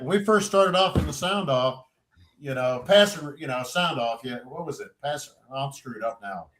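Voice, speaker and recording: At a normal pace and in a fairly high voice, a middle-aged man from a podcast crew spins service stories in laid-back conversation. He's an animated, freely swearing storyteller who imitates other people's words, wanders, keeps restarting, and says "you know" a lot.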